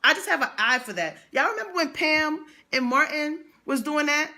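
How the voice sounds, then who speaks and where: High, bright-voiced emphatic woman. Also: moderate pace. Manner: emphatic, repetitive, animated storytelling with slang. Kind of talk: motivational vlog monologue.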